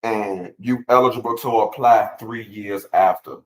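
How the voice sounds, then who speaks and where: On a rough recording, a man with a lowish voice hosts a relaxed livestream, speaking a little slowly. He reads legal text aloud and answers viewers' chat in a laid-back manner, repeating words a lot.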